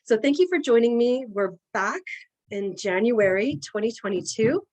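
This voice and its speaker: Soft-spoken woman leading a healing session. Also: on the high side, lively intonation. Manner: informal, hesitant, pauses with fillers. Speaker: energy healing practitioner. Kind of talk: guided healing session talk. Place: home.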